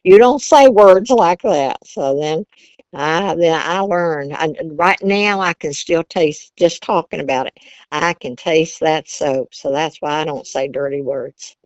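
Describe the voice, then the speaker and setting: A woman's voice: low voice, unhurried, no echo, muffled recording. An older woman from Virginia, a grandmother, telling stories about her childhood in a chatty way, laughing often and using Southern turns of phrase. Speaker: interview guest, grandmother. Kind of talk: casual storytelling.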